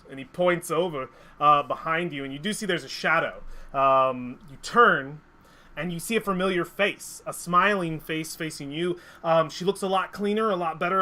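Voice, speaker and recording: A man's voice: a little high, pushed and bright. A man narrating as game master of a tabletop game, loose and laughing, with many fillers.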